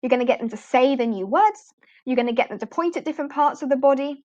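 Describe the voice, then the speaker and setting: A woman's voice: sits high, quick pace, a little mellow, highs cut off. A woman walking teachers through online lesson slides in a chatty, practical way. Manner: chatty, practical, models prompts for students. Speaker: ESL teacher trainer. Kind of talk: instructional screen walkthrough.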